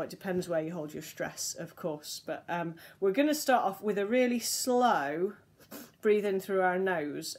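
A woman, a voice teacher gently leading a relaxation and vocal warm-up lesson in a soothing, unhurried way. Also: mid-range voice. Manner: gentle, soothing, slow guiding instructions.

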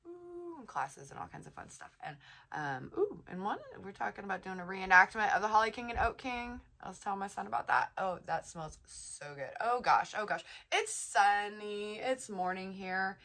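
A woman chatting casually as she unboxes a subscription box, bubbly and gushing with excitement. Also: medium pitch, normal speed. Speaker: vlogger.

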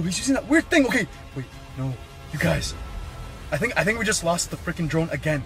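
A young man vlogging in excited live commentary, constantly exclaiming and talking straight to his viewers. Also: fairly high pitch, a little fast, soft background music.

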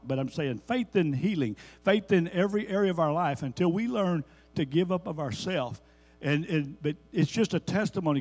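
A man's voice: fairly high pitch, a little mellow. Folksy man testifying in a hall. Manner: folksy storytelling, builds to fervent emphasis. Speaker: church member giving testimony. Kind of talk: sermon testimony. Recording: reverberant church hall.

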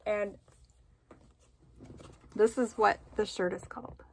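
A woman talks through a clothing try-on in a loose, unhurried way, drifting between sizing notes and jokes about herself. Her pitch sits mid-range for a woman, and she lets her thoughts wander as she goes. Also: fairly even intonation, breathy edge, poor audio. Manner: chatty, rambling, jokey and self-deprecating. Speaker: fashion vlogger. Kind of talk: casual try-on review.

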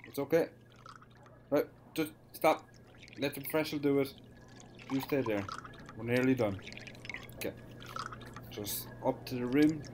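A man's voice: mid-range voice, fairly even intonation, measured pace, long pauses, a little mellow, a little hiss or hum. An Irish man giving casual, jokey gameplay commentary with mock-bossy banter. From Ireland. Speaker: gaming YouTuber.

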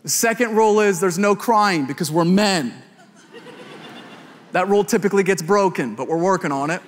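A man in his thirties, a pastor, telling a humorous family story in a sermon, with lively quoted voices. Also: high voice, normal speed. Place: large church hall. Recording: long hall reverb.

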